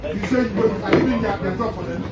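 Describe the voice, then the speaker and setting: An agitated man shouting and repeating himself in a heated confrontation. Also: high-pitched, a little fast, lo-fi sound. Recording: far-off echoey mic amid loud crowd. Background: loud crowd and street noise.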